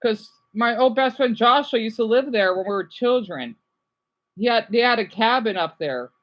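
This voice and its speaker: A woman's voice: fairly high pitch, animated, normal speed, dull audio. A woman live-streaming her reaction, gushing and exclaiming, easily distracted, who swears casually and then apologizes. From United States.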